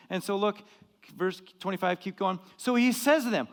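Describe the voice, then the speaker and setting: A male pastor with a high voice delivers a sermon with lots of drama. He acts out the quoted lines and rises sharply for emphasis. His voice carries a long reverb from the church hall. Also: a little slow, fairly bright tone.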